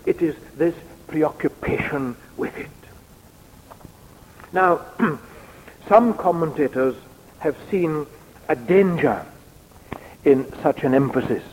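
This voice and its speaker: A man preaching an expository sermon in a measured, deliberate way, pausing to read out quotations. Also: on the high side, lively intonation, a little mellow, big-room sound, slight background noise, poor audio.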